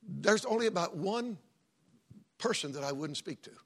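Middle-aged man, pastor, husky, chatty sermon delivery with asides. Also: high-pitched, lively intonation, normal speed, fairly bright tone. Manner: folksy, conversational preaching with joking asides.

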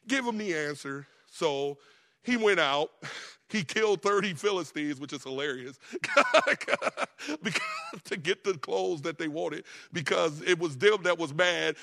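Lively, laughing male preacher. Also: a little high. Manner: lively storytelling, laughing often, acting out the characters. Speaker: pastor. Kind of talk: sermon.

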